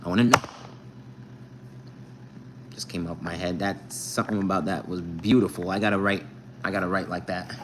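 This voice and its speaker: A man's voice: low voice, steady tone, moderate pace, long pauses, a bit bright, slight background noise, rough recording. A young man casually chatting with viewers on a live stream, reading their comments aloud and joking with them. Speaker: livestreamer.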